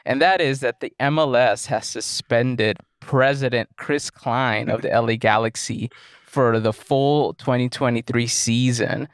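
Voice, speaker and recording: A man co-hosting a podcast in casual sports chat, easygoing and halting, with many fillers and restarts. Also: medium pitch, fairly even intonation, clear, resonant tone, no echo, studio quality. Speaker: podcast co-host.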